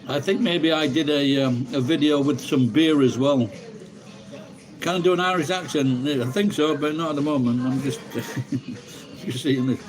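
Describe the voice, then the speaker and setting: A man's voice: a little high, normal speed, poor audio. A man vlogging, rambling and musing aloud in casual chat while he eats. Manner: rambling, chatty, muses aloud. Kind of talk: casual chat while eating, talking to viewers. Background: music.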